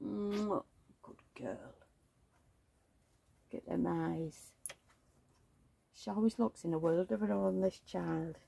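A woman's voice: on the low side, fairly even intonation, measured pace, creaky, mellow, a little hiss or hum. A woman chatting casually as she changes a doll, cooing in baby talk and drifting into gossipy stories. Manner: coos and baby-talks, chatty gossiping asides. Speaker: reborn doll vlogger. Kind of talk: casual chat while dressing a doll.

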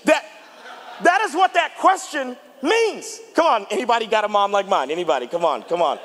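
A male pastor preaching a sermon, chatty with the congregation and rising into shouted appeals. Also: high-pitched, moderate pace. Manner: animated preaching, building to shouts, banters with congregation. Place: church sanctuary. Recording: long reverb of a large church hall.

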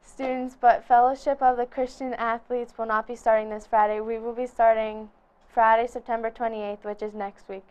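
A woman's voice: on the high side, flat delivery, normal speed, darkish tone, clean tone, rough recording. A teenage girl reading school announcements plainly from a script. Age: teens. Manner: reads plainly from a script, slight slips. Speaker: student announcer.

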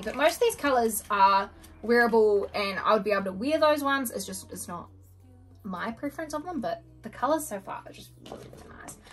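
A young woman vlogging a makeup unboxing at home, her voice sitting a little high. She talks casually and excitably, gasping at colors and sometimes slipping into a soft whisper. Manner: gushing, excitable, frequent gasps and soft whispers. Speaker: beauty vlogger.

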